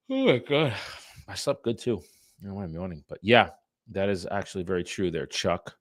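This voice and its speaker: Brief: low, gravelly-voiced New man rambling to viewers, dry close sound. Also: moderate pace, fairly bright tone, no room sound. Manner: casual, rambling, talks to viewers between calls. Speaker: real estate agent. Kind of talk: casual livestream chat while cold calling. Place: his home studio.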